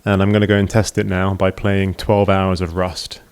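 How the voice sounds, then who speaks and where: Man, casual desk tour, rambling, slightly low voice, home setup, desk mic. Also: moderate pace, clear, resonant tone, dry recording. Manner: relaxed, rambling, with fillers and restarts. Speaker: gaming and streaming vlogger. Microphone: desk microphone on arm.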